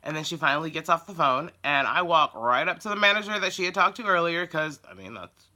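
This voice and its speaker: A woman's voice: low voice, lively intonation, fast talker, pushed and bright. A woman who works as a dog groomer tells a story in a casual vlog, blunt and exasperated as she vents.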